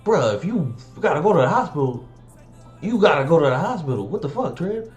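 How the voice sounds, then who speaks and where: An exasperated young male roommate, as a man puts him on, blunt and incredulous, his voice pushed up higher. The recording has a roomy echo with faint music in the background. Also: big pitch swings, a little fast, darkish tone, muffled recording.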